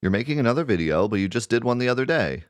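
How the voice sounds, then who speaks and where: Man voicing a gentle young game mother, soft and earnest, dry sound. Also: medium pitch, sing-song, racing, no echo, pitched above the performer's own voice, lightly acted. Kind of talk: reading game dialogue aloud.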